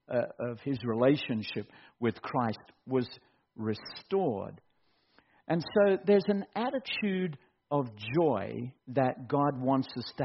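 A middle-aged man preaching a sermon, animated and acting out quotes in mock voices. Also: mid-range voice. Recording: dull lo-fi recording.

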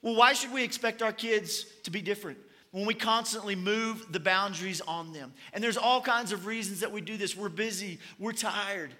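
At normal speed, a pastor from Kentucky preaches in a high, bright male voice. He keeps it easygoing, telling stories with a bit of humor, while a long reverb suggests a church auditorium.

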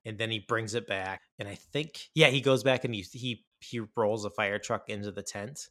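In a studio-quality recording with no room sound, a podcast co-host with a lowish, fairly bright voice chats casually about horror films at a moderate pace. He's enthusiastic and rambling, full of fillers and restarts.

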